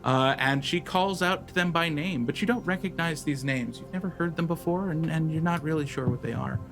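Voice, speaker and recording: A man narrating as game master, rambling with halting restarts. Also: fairly high pitch, creaky, over music.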